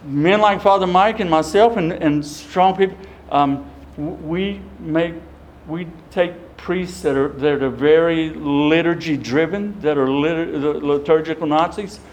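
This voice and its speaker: A man's voice: a little high, a little slow, slight background noise, poor audio. A middle-aged man, a deacon telling a folksy story to a parish and acting out the quotes. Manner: folksy, animated storyteller who acts out quotes. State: tearful at times. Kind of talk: storytelling talk to a parish audience.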